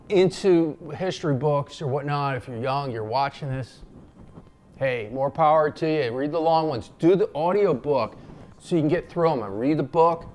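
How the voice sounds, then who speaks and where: A man's voice: a little high, darkish tone. A man from Philadelphia, talking casually to camera in a loose, rambling way, with fillers, slang and swearing. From Philadelphia, USA. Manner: acts out quotes in a raised voice. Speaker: vlogger. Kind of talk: casual unscripted talk to camera.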